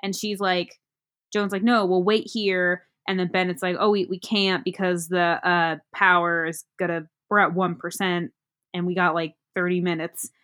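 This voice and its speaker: A woman in casual chat, recapping a movie plot in a rambling, halting way with many fillers. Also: fairly low pitch, flat delivery, fairly bright tone.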